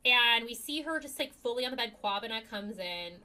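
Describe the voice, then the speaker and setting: This woman talks a little higher than most, with a bright, forceful tone. She recaps a TV episode in a loose, chatty way, full of fillers. She slips into the characters' lines as she goes. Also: lively intonation, brisk. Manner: chatty, heavy on fillers, acts out quotes. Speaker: podcast co-host. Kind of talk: casual TV recap chat.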